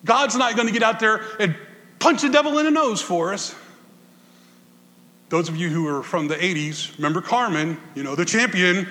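A male pastor preaching a conversational sermon to his congregation, swinging from loud bursts to quiet asides. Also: normal speed, long reverb tail. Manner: conversational preaching, animated swings in pitch and volume.

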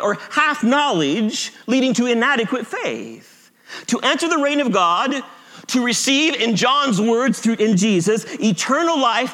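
A male preacher with a high, bright, animated voice. He hammers home his points by repeating them and chuckles at his own asides. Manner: emphatic, repeats key phrases, chuckles at himself. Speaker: pastor. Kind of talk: sermon.

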